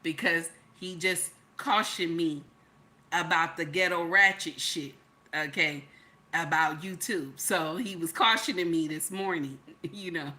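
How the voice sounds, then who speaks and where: A woman giving casual reaction commentary on a vlog, animated and exclamatory, full of chatty asides. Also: medium pitch, a little slow. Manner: animated, exclamatory, mimics others' voices. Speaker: YouTube commentator.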